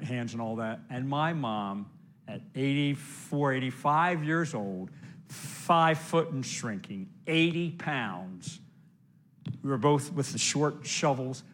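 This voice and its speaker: Animated male preacher telling stories. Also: mid-range voice. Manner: animated storytelling with loud exclamations and hushed asides; exhorting listeners directly. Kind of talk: sermon.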